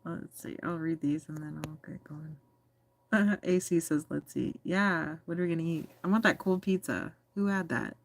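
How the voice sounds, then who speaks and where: Low-voiced giggly American woman streamer. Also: fairly even intonation, moderate pace, creaky. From United States. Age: adult. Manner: giggly, teasing, chatty. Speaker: livestream host reading chat. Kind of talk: casual livestream chat.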